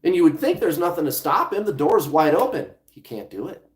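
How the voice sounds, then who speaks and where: A man's voice: on the high side, sing-song, fairly quick. Chatty man in an echoey room. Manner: conversational, restarts phrases, occasional swearing. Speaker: law of attraction coach. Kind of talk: casual vlog monologue.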